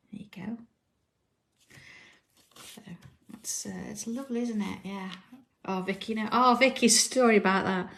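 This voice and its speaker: A woman's voice: mid-range voice, creaky. A woman chatting casually as she draws, reading viewer comments and telling stories, often laughing and dropping to near-whispers for asides. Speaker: crafting livestream host. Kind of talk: casual chat while drawing.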